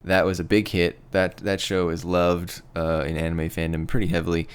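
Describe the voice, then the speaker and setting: A man's voice: sits low, completely flat delivery, normal speed, clear, resonant tone. A man co-hosting a casual podcast, chatting with some hesitation and self-conscious about pronouncing names. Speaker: podcast co-host.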